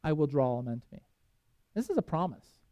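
A man preaching a sermon, reading scripture aloud with emphatic swings in loudness. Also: fairly high pitch, big pitch swings, a little fast, no echo, muffled recording. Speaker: pastor.

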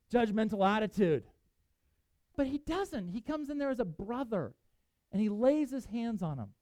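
A pastor preaching a sermon, telling a Bible story with animated delivery and reading scripture aloud. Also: medium pitch, moderate pace, no echo, low-quality recording.

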